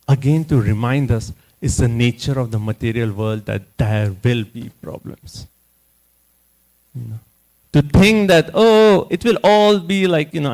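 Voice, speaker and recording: A man speaking at a medium pitch leads a scripture class in a temple. He brings the story to life with animated narration, often pausing to ask "right?" or add "you know." The audio is poor.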